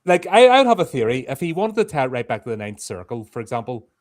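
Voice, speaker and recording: A man's voice: medium pitch, sing-song, quick pace. Man, podcast co-host, blunt and opinionated, casual chatty delivery, medium voice.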